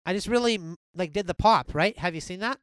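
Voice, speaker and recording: Male comedy host, improv sketch, keen and emphatic, smooth voice, dry close sound. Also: high voice, fast talker, no room sound.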